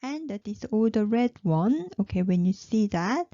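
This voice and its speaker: A woman teaching a pronunciation lesson, patiently repeating each sound slowly. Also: mid-range voice, animated, dark tone, dry recording, highs cut off. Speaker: language teacher.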